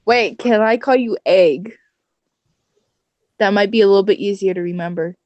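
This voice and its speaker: A woman's voice: mid-range voice, normal speed, darkish tone, dry recording, dull audio. A woman playing a tabletop game, playful and cheeky in casual chat. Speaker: player.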